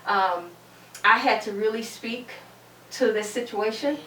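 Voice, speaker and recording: As a panel guest, a middle-aged woman who survived cancer delivers an emphatic, preacher-like testimony, repeating phrases for emphasis. Her voice is a little high, fairly bright, and a little slow, captured from a distant mic in an echoey room with a faint hum.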